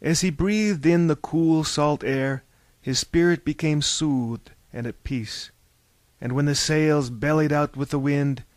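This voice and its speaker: A man reading a novel aloud as narrator, in measured storytelling that turns theatrical in the dialogue. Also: a little high, dry recording. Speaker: audiobook narrator. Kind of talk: scripted narration.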